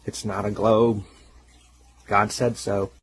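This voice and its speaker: A man's voice: on the low side, little pitch movement, slow, a little hiss or hum. A man lecturing insistently, with a preachy manner.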